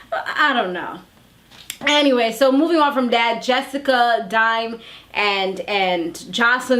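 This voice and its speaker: A woman's voice: on the high side, a bit bright. A woman reviewing a reality TV episode in a casual, chatty, slangy recap.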